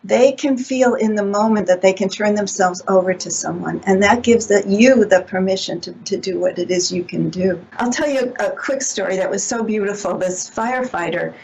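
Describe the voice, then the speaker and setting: A woman's voice: mid-range voice, normal speed, vocal fry, few pauses, darkish tone, slight background noise, poor audio. A woman guest on a radio interview, telling stories earnestly and often restarting her sentences. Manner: earnest storytelling with frequent restarts. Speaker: author and guest.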